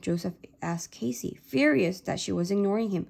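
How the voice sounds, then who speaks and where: A woman reading a novel aloud in steady, measured narration. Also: mid-range voice, gravelly, husky. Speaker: reader of a novel.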